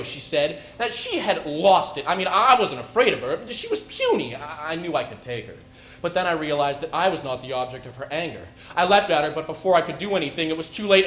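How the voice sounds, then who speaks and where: A man's voice: a little high, reverberant. A young man playing a menacing death-row killer. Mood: tense. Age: teens. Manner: soft, confiding menace breaking into frenzied shouting. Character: calm, unhinged male serial killer on death row. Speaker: student performer. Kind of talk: competitive dramatic monologue. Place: school auditorium stage.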